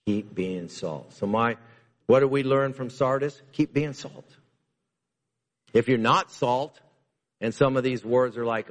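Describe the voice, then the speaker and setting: A man preaching a sermon as pastor, emphatic, repeating key lines and moving between loud and hushed delivery. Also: medium pitch, slow, pauses often. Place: church. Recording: long reverb of a church hall.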